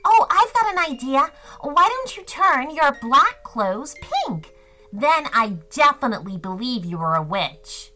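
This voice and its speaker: A woman's voice: mid-range voice, expressive, normal speed, hardly any pauses, bright, forceful tone, soft background music. A woman voicing a cheerful, plain-spoken young girl. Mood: eager.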